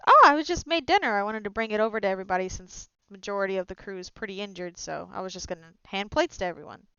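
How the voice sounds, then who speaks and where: A woman's voice: mid-range voice, fast, sharp tone, smooth, dry recording, highs cut off. A woman in tabletop role-play, speaking cheerfully in character as a ship's captain. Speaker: player as ship captain.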